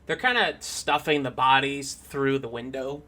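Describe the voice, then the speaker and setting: Bright-voiced man running a game. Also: mid-range voice, unhurried. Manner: relaxed, rambling with fillers. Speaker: game master.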